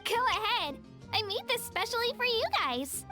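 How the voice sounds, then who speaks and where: A woman voicing a sweet, earnest young girl in a game who bakes cakes for her friends, speaking gently and hopefully. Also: very high voice, lively intonation, normal speed, exaggerated voice. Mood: sincere. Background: soft game music.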